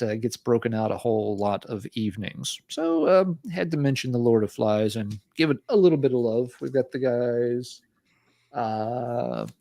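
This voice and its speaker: A man co-hosts a casual podcast chat, his pitch jumping around in a lively way. He rambles, stammers and tosses in swears and jokes. The voice sits close and dry on the mic. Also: vocal fry, no room sound. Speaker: podcast co-host.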